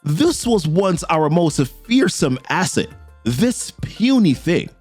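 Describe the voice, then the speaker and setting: A man's voice: fairly high pitch, big pitch swings, slow, darkish tone, slightly rough, faint music behind, exaggerated voice. A man doing a hulking stern soldier. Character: hulking stern male soldier, cold brother.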